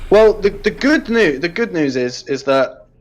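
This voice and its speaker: A man casting an esports event chats and jokes with his co-caster in playful banter. His voice sits a little on the high side for a man. He speaks through a headset mic. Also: animated, measured pace, slight background noise, rough recording. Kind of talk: casual chat between matches.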